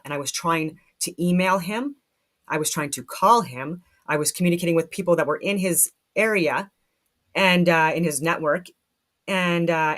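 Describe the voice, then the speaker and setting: A woman's voice: low voice, fairly bright tone. A woman from Canada giving casual spoken commentary, talking animatedly with frequent restarts and free swearing.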